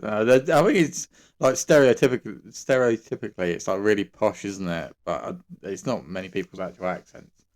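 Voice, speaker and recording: An Englishman with a lowish voice co-hosts a podcast. He chats in an easygoing, agreeable way and often laughs along with his friend. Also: a little fast. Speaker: podcast co-host. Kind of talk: casual chat.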